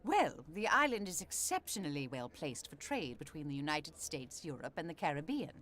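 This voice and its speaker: A haughty manor housekeeper. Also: female voice, low-pitched, sing-song, normal speed, a bit bright. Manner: formal, haughty, precise. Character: prim, proud female housekeeper of a manor. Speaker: game character.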